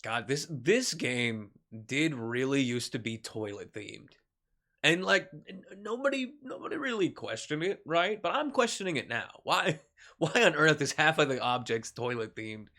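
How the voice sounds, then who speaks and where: A man streaming a shooter game in casual, jokey commentary, swearing freely and laughing often, with excited yelps when the game turns. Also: on the high side, unhurried.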